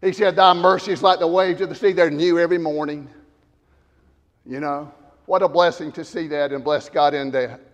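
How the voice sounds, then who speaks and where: High-voiced preacher in an echoing hall. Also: male voice, steady tone, moderate pace, lo-fi sound. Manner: swings from loud shouted emphasis to low quiet asides. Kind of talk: sermon.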